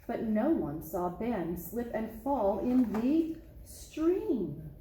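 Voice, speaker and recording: A woman's voice: fairly high pitch, very slow, slight background noise. A woman, a children's librarian, reading a picture book aloud expressively, recorded in an echoey room. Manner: expressive, storytelling.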